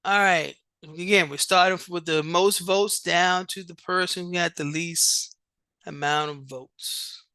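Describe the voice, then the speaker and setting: A show host reads out vote results on a live stream in a slow, drawn-out way. The voice is bright and forward, with repeated words and restarts, and the sound is dry and close. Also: mid-range voice, steady tone, clear, resonant tone, no room sound. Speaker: competition coach and show host.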